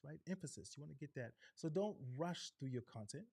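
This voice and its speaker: A middle-aged man coaching a live online workshop, animated, deliberately shifting his pace and pitch and often checking in with "right?". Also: no room sound. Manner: animated, varies pitch and pace on purpose, frequent "right?" tags. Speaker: on-camera presentation coach.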